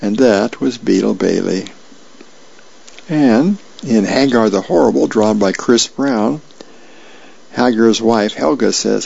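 A man reading newspaper comics aloud as a volunteer reader, in a plain, unhurried way with small slips. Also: on the low side, creaky, a little mellow, breathy edge. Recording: dull lo-fi radio recording.

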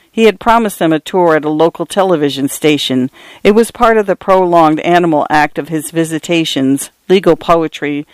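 A man narrating literary fiction in a measured, descriptive reading. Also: fairly high pitch, no echo.

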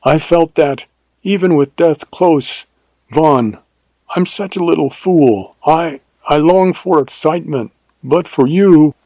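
Male reader doing a plucky young woman for an audiobook, breathless and eager, pitched up, dry read. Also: takes it slowly, hardly any pauses, dark tone, no room sound. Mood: exhilarated. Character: spirited brave young woman fleeing on horseback.

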